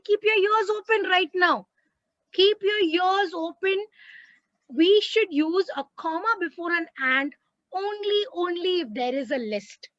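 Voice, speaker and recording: A woman teacher with an Indian English accent, giving an online lesson in a lively, emphatic way and repeating words for stress. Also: very high-pitched, a little slow, dry recording, muffled recording.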